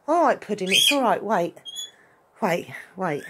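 A woman's voice: mid-range voice, animated, measured pace, fairly bright tone, slightly rough. A middle-aged mother talking bluntly in a casual home video from her bedroom, tired and unwell, swearing freely. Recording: noisy home recording.

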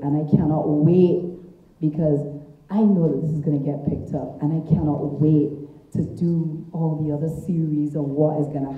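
A woman with a Caribbean accent speaking enthusiastically and from the heart at a festival talkback. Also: sits low. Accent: Caribbean English. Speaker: voice actor on a panel. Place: cinema auditorium. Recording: echoey, distant, muffled.

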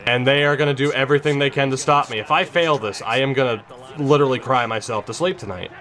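A young man commentating his own football video game, emotional and swearing, going from tense muttering to high yelling. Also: fast. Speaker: gaming YouTuber. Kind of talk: gameplay commentary.

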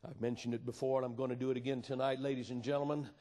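A man preaching a sermon with passion, moving between loud appeals and hushed storytelling. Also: mid-range voice, level tone, racing. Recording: reverberant hall.

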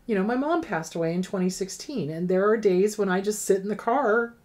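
A woman's voice: medium pitch, fairly quick, few pauses, a little mellow. A middle-aged woman therapist hosting an advice show, answering viewer questions in a frank, emphatic way that repeats key points.

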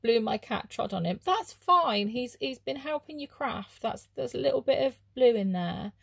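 A craft vlogger unboxes handmade cards and gushes over each one. Her voice sits slightly high, with a gravelly fry at the ends of phrases. The sound is close and dry. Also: lively intonation, moderate pace, no echo. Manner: gushing, lots of soft oohs and ums. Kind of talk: casual unboxing chat.

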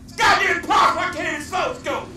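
A man's voice: extremely high pitch, quick pace, some chatter behind. Screaming, cursing man raging at a game. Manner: furious, cursing, shouting at the game. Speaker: gamer in a rage clip. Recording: echoey, distant, loud noisy capture.

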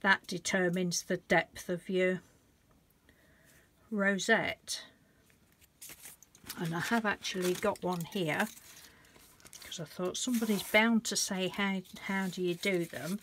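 A woman's voice: on the low side, steady tone, takes it slowly, long pauses, fairly bright tone, a little hiss or hum. A woman hosting a casual painting tutorial, chatting and thinking aloud as she works and gushing over the colours. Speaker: craft channel host.

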